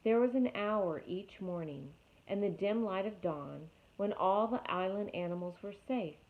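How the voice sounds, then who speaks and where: A woman reading a storybook aloud in an expressive way, speaking directly to young listeners as a teacher. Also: medium pitch, unhurried. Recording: tinny phone-like audio.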